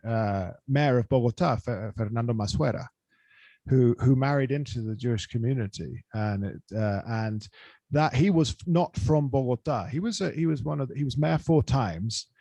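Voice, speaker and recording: A man hosting a podcast interview, in a voice of middling pitch. He rambles through his stories, restarting often and circling back. His voice is dry and close to the mic. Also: mellow, dry recording. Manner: rambling, many restarts and fillers. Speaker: podcast host. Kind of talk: casual interview chat.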